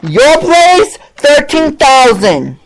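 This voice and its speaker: A man's voice: extremely high pitch, big pitch swings, very slow, slight background noise, rough recording. A male podcast host ranting in a mocking, sarcastic way, over and over asking "seriously". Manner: sarcastic, keeps saying "seriously".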